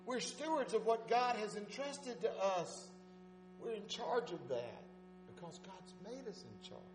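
A pastor preaches in a folksy, storytelling way. His fairly high voice swings from soft asides to loud urging. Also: expressive, a little slow. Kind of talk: sermon.

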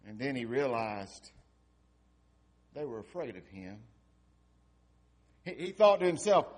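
Slow, lively-pitched preacher man. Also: breathy edge. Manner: dramatic storytelling, swinging from loud to hushed. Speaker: pastor. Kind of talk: sermon.

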